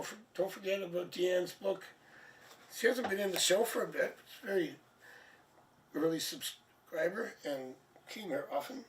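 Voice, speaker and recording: A man hosting a live tarot stream, chatting casually and sounding tired and low on energy. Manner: chatty, laughs at himself, thinks aloud. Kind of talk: casual live-stream chat and card reading. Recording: distant mic, faint background noise.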